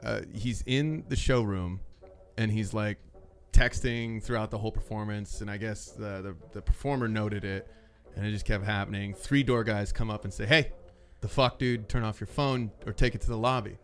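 A man's voice: lowish voice, moderate pace. A man working a comedy club door, telling a rambling, profane story and acting out the people in it. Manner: profane, animated, acts out quotes. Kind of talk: casual storytelling.

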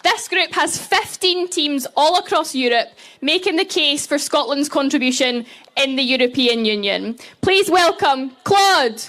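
A woman's voice: high voice, moderate pace, background noise. A woman hosting an outdoor rally and announcing the next speaker in a plain manner. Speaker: rally host.

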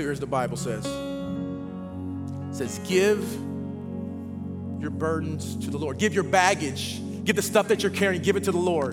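A man in his forties preaching a sermon in a casual, repetitive way, swinging between loud outbursts and quiet passages. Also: on the high side, in a large hall. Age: 40s. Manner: conversational, repetitive, dynamic shifts from loud to quiet. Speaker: pastor. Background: faint band music.

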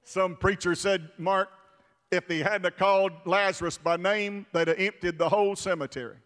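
A man preaching a sermon with fervor, dropping to a hush and then rising to shouts. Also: high-pitched, fairly even intonation, normal speed. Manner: fervent, swings from hushed to shouting. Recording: long hall reverb of a church.

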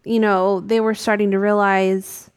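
A woman's voice: mid-range voice, unhurried, clear, resonant tone. A woman co-hosting a film podcast, chatting casually and recapping the plot with plenty of fillers. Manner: relaxed, laughing, recaps plot with many fillers. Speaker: podcast co-host. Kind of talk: casual chat.

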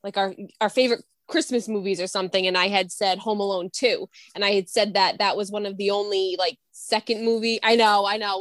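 A woman's voice: medium pitch, dry recording. A young woman in casual podcast chat, bubbly and giggly, with lots of fillers. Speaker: podcast co-host.

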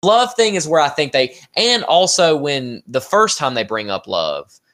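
A man co-hosting a casual film review podcast, talking in an animated, opinionated way with frequent "like". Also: on the high side, a little slow. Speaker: podcast co-host.

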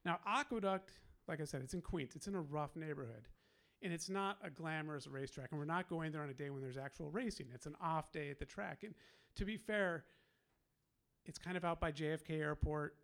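A man's voice: on the high side, brisk, vocal fry, fairly bright tone. A man telling a long personal anecdote in a casual way, laughing often and acting out the people he quotes. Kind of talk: casual storytelling.

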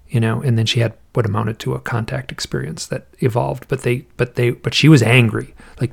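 A man's voice: medium pitch, little pitch movement, brisk, vocal fry, breathy edge. A man talking as an interview guest, thinking aloud and telling stories in a casual, musing way. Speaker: interview guest, researcher of alien encounter accounts.

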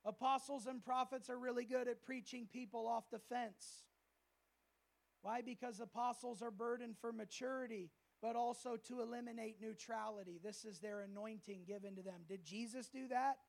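High-pitched gravelly male preacher. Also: normal speed. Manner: energetic, humorous preaching that acts out quoted voices. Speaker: pastor. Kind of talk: sermon. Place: church service.

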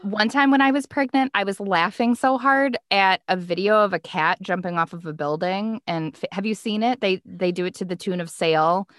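Dry, bright woman on a video call. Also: medium pitch, normal speed, hardly any pauses. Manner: easygoing, echoes her friend's phrases. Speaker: podcast co-host. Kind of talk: casual chat over video call.

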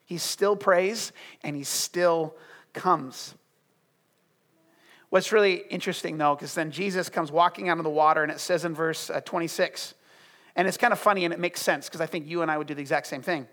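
A high-voiced man preaches a sermon with passion. He drops to soft, hushed lines and then climbs back up loud and fervent. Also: fairly even intonation, normal speed. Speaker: pastor.

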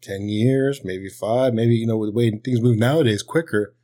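Male guest, casual film chat, rambling and agreeable, mid-pitched voice. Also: normal speed, warm tone. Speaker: podcast guest.

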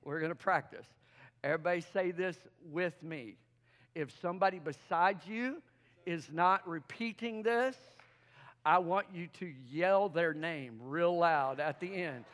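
A man's voice: a little high, measured pace, a bit bright. A man preaching a sermon as pastor, coaxing the congregation into call-and-response and laughing often in a playful way. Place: church sanctuary. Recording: long hall reverb.

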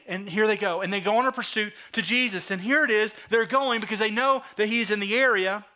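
A male pastor preaching a sermon, retelling the story with lively acted-out asides. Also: high-pitched. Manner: animated storytelling, acting out the characters in quick asides.

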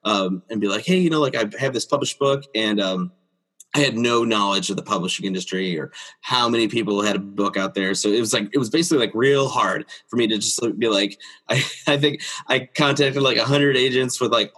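A man in his thirties, a children's book illustrator, chatting as an interview guest and acting out quotes in a high voice with frequent laughs. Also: a little fast. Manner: animated storyteller, acts out quotes in a high voice, laughs often. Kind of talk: casual interview chat.

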